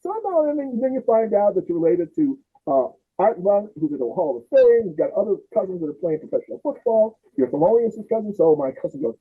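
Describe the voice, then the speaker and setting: Animated older man telling stories. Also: high voice, fairly quick, few pauses, slightly rough. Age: 60s. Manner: animated, acts out relatives' voices. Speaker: podcast host. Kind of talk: storytelling in casual chat. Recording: tinny phone-like audio.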